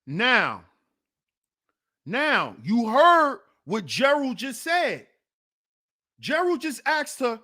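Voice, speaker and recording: A channel host and commentator delivers heated commentary on a clip he's played, speaking slowly with a lively pitch. He's preachy and emphatic, repeating and mocking what he hears.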